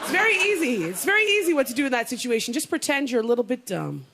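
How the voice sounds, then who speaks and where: Loud audience laughter and noise surround a high-pitched North American woman as she delivers bawdy, punchy stand-up comedy to a live crowd. She talks fast with big pitch swings and keeps launching into exaggerated impressions.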